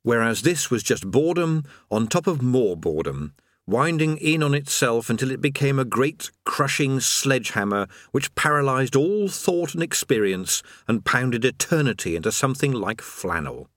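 A male audiobook narrator with a lively, animated delivery, reading comic fantasy in an expressive, dry way. The recording is close and dead, with no room echo. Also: medium pitch, moderate pace. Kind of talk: scripted narration.

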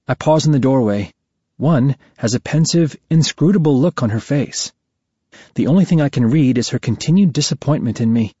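Husky dark-voiced male narrator. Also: medium pitch, moderate pace, dry recording. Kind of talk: first-person audiobook narration. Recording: muffled, dry lo-fi recording.

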